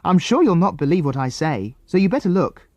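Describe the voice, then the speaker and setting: A man voicing a brave, quick-thinking young girl in a storybook reading, speaking urgently and earnestly. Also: on the high side, sing-song, darkish tone, no room sound, voice pushed up. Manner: urgent, earnest, breathless pleading.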